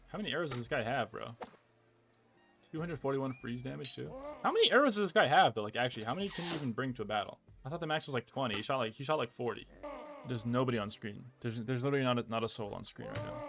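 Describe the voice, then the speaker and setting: A young man from the United States giving casual, excitable commentary over a game he is playing, often exasperated. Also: medium pitch, creaky. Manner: excitable, exasperated, says "bro" a lot. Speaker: gaming video creator. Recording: game music behind the voice.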